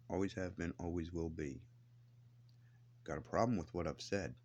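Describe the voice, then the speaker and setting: Deep-voiced man on a cursing rant. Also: moderate pace, long pauses, darkish tone. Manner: blunt, defiant, swears heavily. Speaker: vlogger. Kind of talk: angry profane rant to camera.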